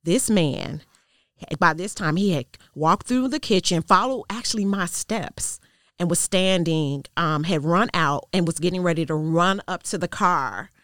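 A woman guest sharing a personal testimony in an interview, telling it in an earnest, measured way that goes quiet at the tense parts. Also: on the low side, no room sound, clean studio sound. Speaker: podcast guest.

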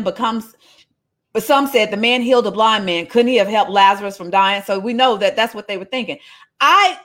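Animated woman preaching a casual sermon. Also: fairly high pitch. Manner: animated, playful retelling with voiced asides.

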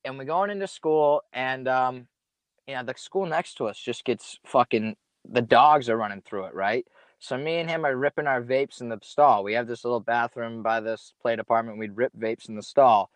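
A man's voice: medium pitch, dry recording. Young man telling a rambling, profane story. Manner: profane, rambling, laid-back slang. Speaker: podcast guest storyteller. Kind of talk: casual storytelling chat.

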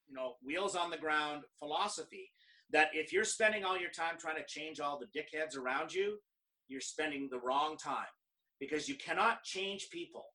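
A middle-aged man from Canada, a professional speaker, telling stories in an animated, conversational way and acting out other people's lines. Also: a little high, far from the mic, poor audio. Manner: animated, quotes others in lively dialogue. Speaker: guest speaker. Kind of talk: conversational storytelling.

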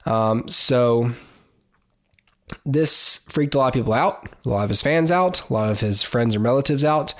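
A man's voice: mid-range voice, normal speed, fairly bright tone. A man from the United States hosting a podcast on his own, talking in a casual, rambling way with many fillers and restarts, and giving blunt opinions. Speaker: podcast host. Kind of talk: casual solo commentary.

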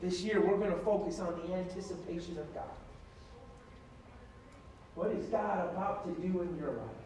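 High-voiced preaching man in an echoey hall. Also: normal speed, slight background noise. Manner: animated preaching, rising to emphatic calls. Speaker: pastor. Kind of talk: sermon. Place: large echoey church hall. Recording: echoey church hall, distant mic.

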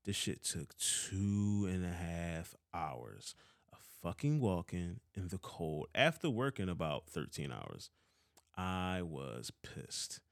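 A man's voice: deep voice, very animated, slow, dry recording, studio quality. A man in his thirties with a Philadelphia accent, telling a heated, profane story about a past boss in a casual vlog. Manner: profane, heated, swears often. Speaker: vlogger.

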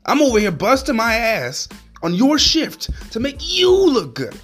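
A man's voice: high voice, breathy edge. A man hosting a solo podcast, ranting in a heated, profane, rambling way. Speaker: podcast host.

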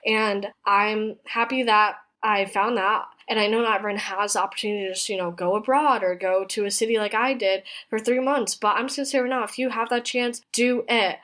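Speaking from a city apartment room, a podcast host in her twenties chats warmly and sincerely through a casual personal monologue, leaning heavily on "like" and "you know." Her voice is medium-pitched with a fairly bright tone.

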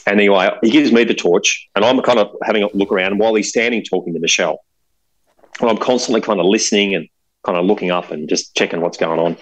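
A man's voice: fairly low pitch, fast talker, rough recording. Rambling man telling a story. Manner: animated, rambling, full of fillers and asides. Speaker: podcast host. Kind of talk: casual storytelling.

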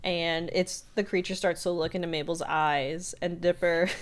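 A woman co-hosting a podcast, recapping a cartoon episode in a casual chat with lively retelling and frequent giggles. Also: lowish voice. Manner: animated retelling, quick voice switches for quotes, frequent giggles. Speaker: podcast co-host.

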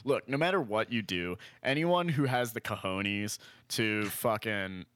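A man's voice: on the low side, a little slow, clean tone, dry recording. Young man telling a story, dry close sound. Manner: animated storytelling, swearing, laughing often. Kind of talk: casual chat.

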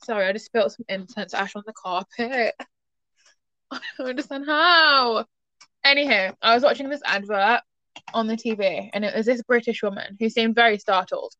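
A woman's voice: mid-range voice, brisk, a bit bright, no room sound, dull audio. A woman co-hosting a casual chat, blunt and cheeky in her jokes. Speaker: podcast co-host.

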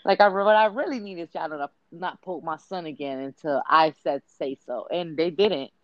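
A woman's voice: low voice, moderate pace, no echo. Woman, casual chat co-host, blunt and profane storyteller, dry dull mic.

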